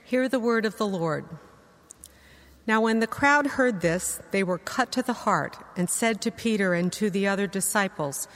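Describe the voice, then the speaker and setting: Woman, lector, measured liturgical reading, echoing sanctuary. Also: medium pitch, lively intonation, fairly bright tone. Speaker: scripture reader. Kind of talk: formal scripture reading. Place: church sanctuary. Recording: church hall reverb.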